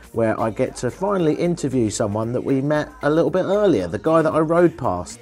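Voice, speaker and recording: A man's voice: mid-range voice, a little mellow. A man hosting a travel podcast while walking through an outdoor street market, chatting with wry, rambling asides. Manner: rambling, wry asides and quick self-corrections.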